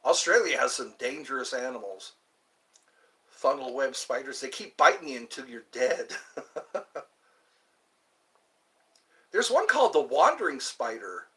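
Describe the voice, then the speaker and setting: A man's voice: medium pitch, big pitch swings, unhurried, pauses often, bright, forceful tone. A man hosting his own channel, chatting casually and meandering from topic to topic. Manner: meandering, chatty, puts on playful voices. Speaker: channel host. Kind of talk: rambling casual vlog chat.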